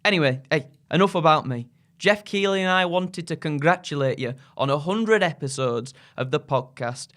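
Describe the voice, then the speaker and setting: A man's voice: on the high side, animated, normal speed, few pauses, fairly bright tone. A man putting on a cheeky, rambling, mock-sincere Yorkshire accent while impersonating a famous male game designer in a comedy message. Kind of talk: comedy impression in a recorded message.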